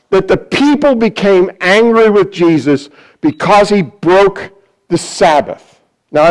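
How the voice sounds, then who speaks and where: Male pastor, high voice, casual sermon delivery, acts out quoted lines. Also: rough recording. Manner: conversational, acts out quoted voices, many restarts. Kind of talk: sermon-style Bible teaching.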